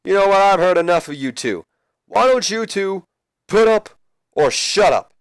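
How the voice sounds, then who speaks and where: A man voicing a short-tempered older male wrestler who shouts a challenge. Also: high-pitched, expressive, normal speed, clear, resonant tone, no echo, voice pushed up. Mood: angry.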